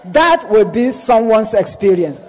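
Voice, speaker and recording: A man preaching in a very high voice with a lively, swooping melody. He speaks slowly and deliberately, repeating key phrases for emphasis and declaring blessings over his listeners. A long church-hall reverb trails his words. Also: a little hiss or hum. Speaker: pastor. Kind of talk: sermon.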